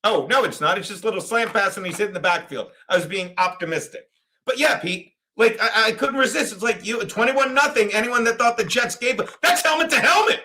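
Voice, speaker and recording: A man's voice: high-pitched, a little fast. A man in his fifties hosting a live sports watchalong stream, telling crude, rambling stories. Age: 50s. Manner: crude, rambling, loud storytelling. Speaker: stream host. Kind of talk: casual sports watchalong chat.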